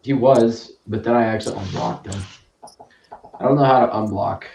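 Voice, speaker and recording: A man's voice: on the low side, fairly even intonation, a little fast, gravelly, a little mellow. A man co-hosting a casual podcast, telling stories in a rambling, profane way full of "like". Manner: rambling, profane storytelling with lots of "like". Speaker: podcast co-host. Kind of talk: casual chat. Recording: echoey room, distant mic, faint noise.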